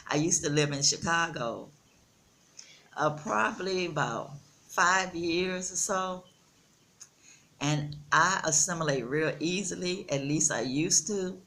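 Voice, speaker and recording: A woman's voice: sits low, fairly bright tone. A woman in her sixties with a Texan accent, chatting earnestly to her viewers in a casual vlog. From Texas. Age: 60s. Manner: slow, earnest, addresses viewers as y'all. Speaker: vlogger. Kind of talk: casual chat. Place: outdoors in the Gambia.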